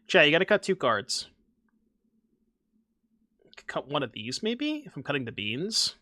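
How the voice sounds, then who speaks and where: A man's voice: a little high, very animated, measured pace, bright, forceful tone, no room sound. A young man streaming a card game, chatting casually with his audience and joking about himself. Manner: chatty, self-mocking, talks to chat. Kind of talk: casual gameplay commentary.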